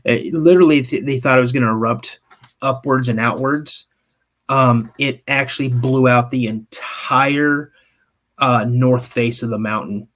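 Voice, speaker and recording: An animated man spins a scene for his listeners, pulling them in with "you" and stopping often to check that they are following. His voice sits at an ordinary middle pitch and rises when the story turns tense. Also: a little slow. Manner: animated, builds scenes with second-person storytelling; frequent restarts and repeated "okay?". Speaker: podcast co-host. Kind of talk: live-stream storytelling chat.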